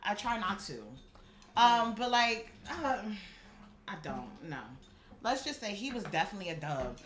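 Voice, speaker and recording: Guest: young woman, bright, fired-up storyteller in a casual chat. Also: medium pitch, moderate pace, reverberant. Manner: animated, heated storytelling. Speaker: guest, host's friend.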